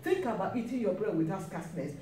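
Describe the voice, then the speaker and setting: A woman's voice: mid-range voice, expressive, fast talker, dark tone. A woman preaching a sermon, emphatic and repeating key phrases with frequent calls of praise. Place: church hall. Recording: echoey church, mic at a distance, faint hiss.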